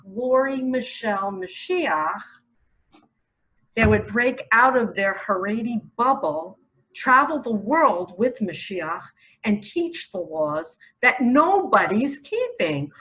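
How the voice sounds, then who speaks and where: A middle-aged woman from New York giving an impassioned religious monologue, emphatic and full of rhetorical questions, with sudden loud bursts. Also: mid-range voice, rough recording. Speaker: self-proclaimed messiah preacher.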